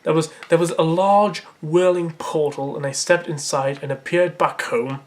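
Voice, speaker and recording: A man's voice: on the high side, steady tone, normal speed. A man reading aloud a story he wrote as a child, breaking off often for sarcastic, mocking commentary and laughter. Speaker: reader of his own childhood story. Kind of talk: comedic dramatic reading with commentary.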